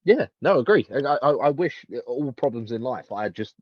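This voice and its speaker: A man's voice: mid-range voice, moderate pace, no room sound, dull audio. A young man co-hosting a podcast in casual chat, telling stories animatedly and acting out little asides. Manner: animated storytelling with acted-out asides. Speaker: podcast co-host.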